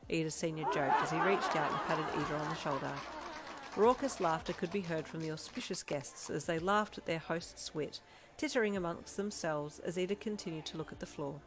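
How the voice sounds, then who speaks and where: Woman reading fan fiction, low voice. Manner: steady measured storytelling. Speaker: fanfiction reader. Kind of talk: audiobook reading of second-person fan fiction.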